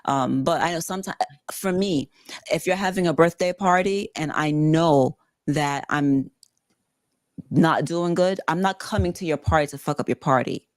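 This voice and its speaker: A woman from the Bronx, a podcast guest telling a personal story in casual talk, animated and swearing freely. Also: deep voice, moderate pace, no echo. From the Bronx, New York.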